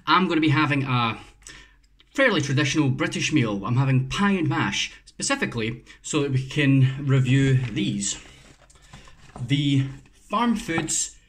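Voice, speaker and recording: A man's voice: medium pitch, fairly bright tone. A man hosting a casual food review vlog, chatty and casually sweary, often correcting himself. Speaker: food reviewer, channel host.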